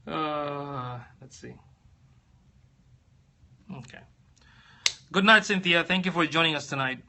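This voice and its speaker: A man's voice: a little high, slow pace, bright, forceful tone. A man hosting a casual live stream, rambling and thinking aloud as he searches, reading out viewer comments and answering them. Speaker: livestream host.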